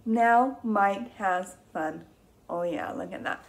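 A young woman teacher reads a picture book aloud to little kids, slow and gentle, gasping with exaggerated excitement. Her voice is medium-pitched and gravelly.

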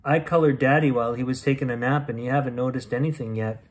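A man voicing a calm, cheeky young girl in a read-aloud storybook, answering matter-of-factly. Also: mid-range voice, fast talker, voice pushed down, close to an everyday voice. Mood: stubborn.

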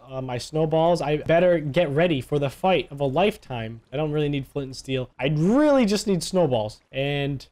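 A young man with a high, lively voice calls out his game as he plays, swinging from taunts to panicked yells. His pitch jumps all over, and faint music plays behind him. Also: normal speed. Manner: excitable, yells and taunts mobs. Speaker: gaming YouTuber. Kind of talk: gaming commentary.

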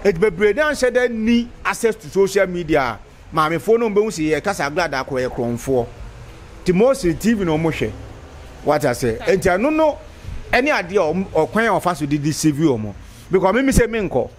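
A man's voice: high-pitched, sing-song, a little fast, slight background noise. A man in a street interview, talking conversationally with frequent restarts.

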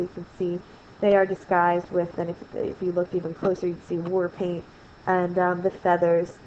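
A woman teaching a history lesson in a recorded screen lecture, chatty and often asking "right?". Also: on the low side. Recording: slightly dull, faint noise.

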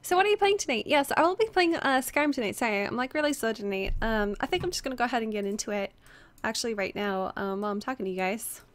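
A woman's voice: on the high side, lively intonation, fast talker. Chatty young woman with a strained voice. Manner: chatty, reads chat aloud, greets viewers by name, many "like" fillers. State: slightly strained voice, resting it. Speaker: game streamer. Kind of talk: casual livestream chat. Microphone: headset.

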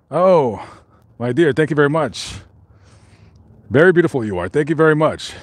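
A man's voice: medium pitch, lively intonation, a little slow, creaky, pauses often, dry recording. A man hosting a live stream, reading out viewer comments and joking in a rambling way with many fillers and restarts.

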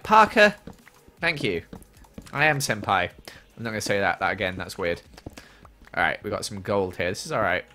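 A young man streams a game and answers viewer questions in easy, casual chat. His voice is bright and swoops up and down a lot. Soft music and keyboard typing sit behind him. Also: a little high. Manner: chatty, reads and answers viewer questions while playing. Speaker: livestreamer. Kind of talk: casual gaming livestream chat.

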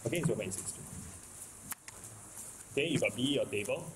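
A man's voice: mid-range voice, lively intonation, fairly quick, crowd noise, low-quality recording. A man with a Singaporean English accent giving a math lecture, repeating key points and checking in with the class often. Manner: repetitive, keeps checking in with "okay? can?". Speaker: math teacher.

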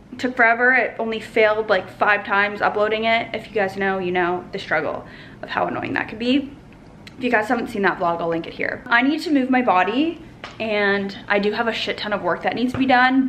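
A young woman talks into her phone camera in a casual vlog, telling a story with plenty of swearing. Her voice sits at a middle pitch for a woman. A faint hiss of background noise runs under the recording. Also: fairly bright tone. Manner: chatty, swears freely, tells stories animatedly. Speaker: vlogger.

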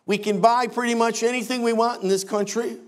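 A man's voice: extremely high pitch, fairly even intonation, brisk. An older man preaching a sermon as pastor, emphatic with wry asides.

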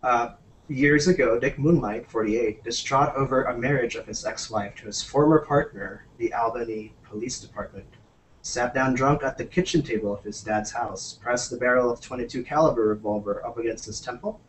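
A man's voice: medium pitch, moderate pace, far from the mic, slight background noise, low-quality recording. A man hosting a casual video call interview, asking eager questions with many uhs. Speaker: host.

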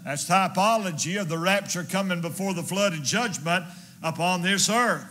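A man's voice: high-pitched, moderate pace, sharp tone, a little hiss or hum. A male evangelist preaching a fervent sermon, hammering his points home with repetition.

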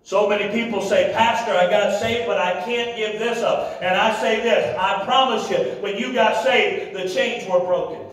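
Midwestern pastor guy preaching loud, real high voice, big echoey church, mic kinda far off. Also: steady tone, normal speed, few pauses. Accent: Midwestern American. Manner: preaching with shouted bursts and call-and-response. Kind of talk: sermon. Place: large church sanctuary. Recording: echoey hall, heard from far off. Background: congregation calling amen.

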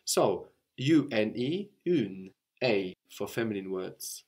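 A man's voice: fairly low pitch, animated, slow, a little mellow. A man teaching a language lesson, explaining step by step in a patient way and often checking in with a questioning "no?".

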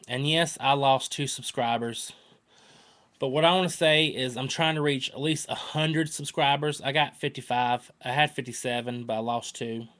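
A man's voice: medium pitch, fairly bright tone. Rambling Southern man vlogging. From North Carolina, US. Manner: rambling, earnest, emotional, repeats himself. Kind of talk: casual rambling vlog to camera.

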